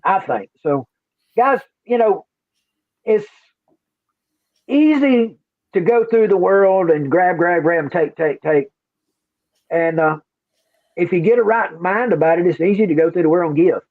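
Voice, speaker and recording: A man's voice: high voice, unhurried, pauses often, dry recording. An older man hosting a livestream, chatting in a rambling, folksy way. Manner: rambling, folksy, repeats himself. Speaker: livestream host. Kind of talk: casual chat. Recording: dry, tinny phone-like line.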